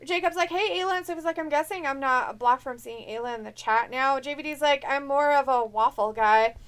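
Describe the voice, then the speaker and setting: Bright, high-voiced teasing woman streamer. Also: fairly quick. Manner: teasing, chatty, jokey. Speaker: live stream co-host. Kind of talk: casual chat, reading chat messages aloud.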